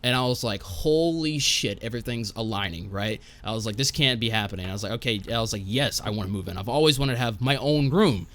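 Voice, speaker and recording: A man's voice: lowish voice, fast talker, few pauses, a bit bright. A young man, a podcast guest, telling a casual story in a rambling, profane way and tagging his lines with "right?".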